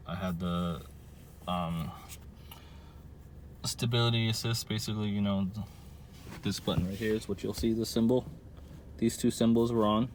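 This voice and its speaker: A man's voice: lowish voice, slight background noise. Rambling man explaining his car trouble. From Southern California. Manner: rambling, filler-heavy explaining with restarts. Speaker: car owner vlogger. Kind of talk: casual how-to vlog.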